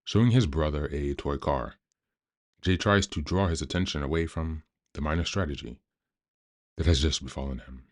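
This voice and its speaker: Brief: male podcast host, extremely low bass voice, calm measured book reading.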